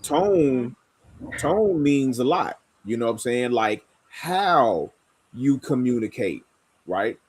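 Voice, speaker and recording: Man, casual chat, slow deliberate delivery, emphatic, middle pitch. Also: big pitch swings, slightly rough, no echo. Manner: slow, emphatic, explains by demonstrating tone. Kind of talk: casual group conversation.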